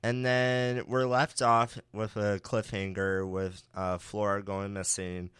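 Chatty young man with a low smooth voice. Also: little pitch movement, slow pace, a bit bright, no echo. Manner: chatty, laughs often, sassy asides. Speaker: podcast co-host. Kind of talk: casual chat recap.

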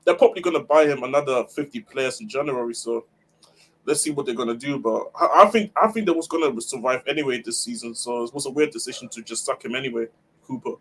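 A man's voice: medium pitch, fast, fairly bright tone, slightly rough, poor audio. A man talking hesitantly as a panelist, stumbling over his words in a casual sports chat. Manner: hesitant, stammering.

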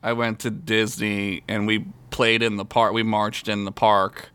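A man co-hosting a podcast in casual chat, excitable, laughing often and swearing freely. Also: fairly low pitch, unhurried, clean tone, no echo. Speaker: podcast co-host.

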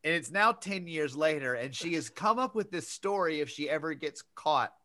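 A man's voice: on the high side, expressive, moderate pace, bright, forceful tone. A man in casual chat, amused and wry as he retells a story. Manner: amused, retells stories wryly.

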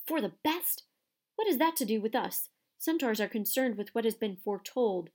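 A woman's voice: on the high side, animated, normal speed, a little mellow. Woman voicing a thundering, scornful centaur, raised and harsh. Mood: furious scorn. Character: angry proud male centaur.

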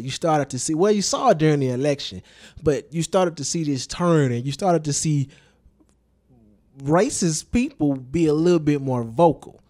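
Lively, animated man co-hosting a podcast. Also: fairly high pitch, no echo, clean studio sound. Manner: animated, joking, asks lots of questions. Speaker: podcast co-host. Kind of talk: casual chat.

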